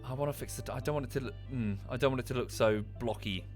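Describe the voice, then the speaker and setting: A man's voice: mid-range voice, fast talker, soft background music. Rambling British man streaming a game. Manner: rambling, enthusiastic, swears casually. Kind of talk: casual livestream chat.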